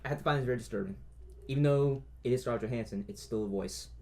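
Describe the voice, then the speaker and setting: A man's voice: mid-range voice, racing, creaky, warm tone. A man co-hosting a casual gaming podcast. He is jokey and mock-dramatic, and he steers the talk with "here's the thing.". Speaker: podcast co-host.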